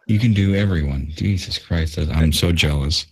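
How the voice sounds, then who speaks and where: A man's voice: deep voice, moderate pace, darkish tone, breathy edge. A man guest in a casual online chat who eagerly urges the others to go on.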